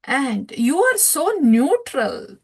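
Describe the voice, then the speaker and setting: Brief: woman doing a gentle male lord, affectionate, slow and drawn-out. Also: high voice, very animated, creaky, full character voice. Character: affectionate, exalted male spiritual master.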